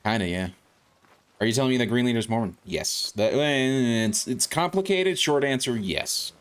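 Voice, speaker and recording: A man's voice: medium pitch, lively intonation, normal speed, smooth. A man born in South Africa, chatting casually and rambling as he streams a video game. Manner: rambling, chatty, reacting to gameplay. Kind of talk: casual gameplay commentary.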